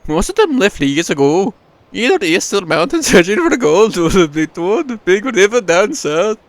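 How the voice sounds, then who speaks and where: A man's voice: sits high, sing-song, normal speed, dry recording, pitched above the performer's own voice. A man voicing a tired but friendly village woman, in a put-on Welsh lilt and a chatty, inquisitive manner.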